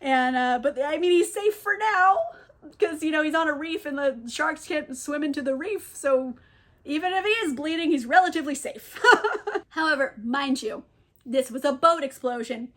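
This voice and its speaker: A woman's voice: sits high, a bit bright. A young woman casually retelling a novel's plot, with lots of fillers and frequent laughter. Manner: laughs often, lots of fillers, quick quoted asides. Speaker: book reviewer. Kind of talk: casual book recap.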